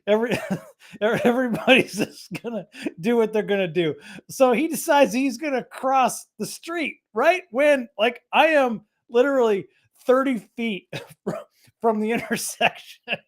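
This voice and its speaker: A livestream host telling stories straight to the camera, all loose chatter and doubled-back phrases. The voice sits in a middle pitch, neither high nor low. It is an easygoing, unscripted delivery from a webcam setup at home. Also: a little slow. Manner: rambling, chatty storyteller with many restarts. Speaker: host of a live creator show. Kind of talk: casual livestream chat.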